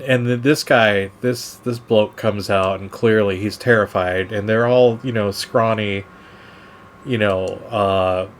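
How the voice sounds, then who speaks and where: A man narrating as game master of a tabletop game, rambling with many fillers. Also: lowish voice.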